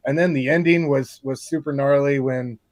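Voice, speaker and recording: A man's voice: mid-range voice, steady tone, moderate pace, dry recording. A man on a panel livestream, chatting about comics in a rambling, laid-back way full of restarts. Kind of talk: casual panel chat on a livestream.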